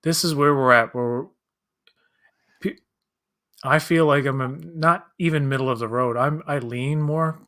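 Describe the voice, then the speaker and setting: A man's voice: mid-range voice, a little slow, long pauses, bright, forceful tone. A man co-hosting a watch-along, chatting casually in long rambling turns full of restarts and acted-out quotes. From Canada. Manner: rambling, many restarts and fillers, acts out quoted voices. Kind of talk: casual chat.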